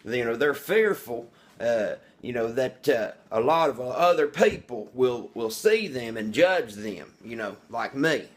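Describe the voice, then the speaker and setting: A man's voice: mid-range voice, expressive, measured pace, few pauses, natural voice. A man doing a cocky redneck vlogger. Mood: boastful. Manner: rambling, boastful, refers to himself in third person. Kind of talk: comedic character monologue.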